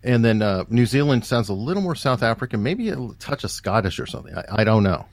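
A man's voice: medium pitch, big pitch swings, quick pace. A man from the United States hosting a podcast, asking curious, amused questions in a casual interview. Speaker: podcast host.

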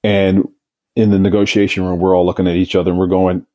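A former hostage negotiator tells the story of a case in an interview, recounting it vividly but restarting often. His voice is low and warm with little pitch movement, he talks fast, and the recording sounds muffled.

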